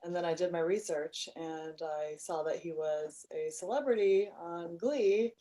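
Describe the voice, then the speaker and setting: A woman in a band, a guest in a casual interview, talking in a confident, relaxed way. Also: fairly low pitch, a little slow, low-quality recording. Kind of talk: casual interview over a video call.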